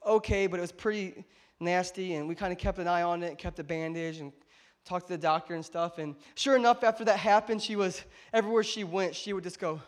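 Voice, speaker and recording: A male pastor preaching a sermon in a church, telling a family story in an animated, joking way and speaking straight to the congregation. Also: sits high, brisk. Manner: animated, jokey storyteller who addresses the congregation directly. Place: church auditorium.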